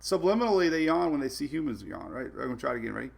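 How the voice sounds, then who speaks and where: A man's voice: medium pitch, very animated, rapid-fire, creaky. A man hosting a casual weather live stream, chatty, laughing often and talking to his dogs between updates.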